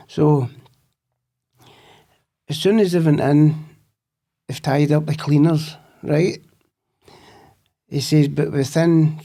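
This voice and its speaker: A man's voice: on the high side, vocal fry, warm tone. A man with a Scottish accent, telling rambling, profanity-laced stories as a guest in a casual interview. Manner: swears freely, rambling anecdotes. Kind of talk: casual storytelling.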